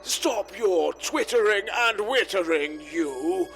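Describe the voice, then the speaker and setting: A man voicing a gloating ice villain from a children's TV show, with shouted, grandiose threats. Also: high-pitched, expressive, slow, gravelly, faint music behind, full character voice.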